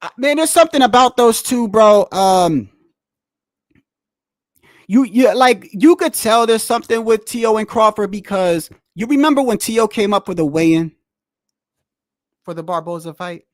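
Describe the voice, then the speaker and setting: Man, high voice, casual rambling reaction talk, dry close sound. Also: lively intonation, normal speed, long pauses, no room sound. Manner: rambling, repeats "bro", restarts often. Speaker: streamer reacting to boxing clips.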